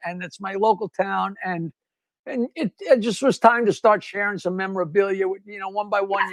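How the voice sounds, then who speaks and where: A man's voice: sits high, no room sound. An older man with a Long Island accent, a guest comedian chatting and telling jokes in a brash, rambling way. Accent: Long Island New York. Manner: brash, rambling, laughs at his own jokes. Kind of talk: casual chat and joke telling.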